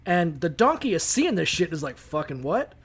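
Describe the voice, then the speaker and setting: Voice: medium pitch, very animated, brisk, slightly rough. A podcast co-host casually retelling a bible story with lots of swearing, jokes and fillers. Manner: profane, jokey, full of fillers.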